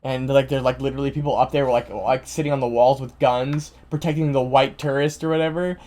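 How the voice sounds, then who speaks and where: Young dude rambling on a podcast, says like a lot, mid pitch. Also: male voice, steady tone, brisk, warm tone. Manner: rambling, heavy use of "like", restarts. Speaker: podcast host. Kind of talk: casual podcast chat.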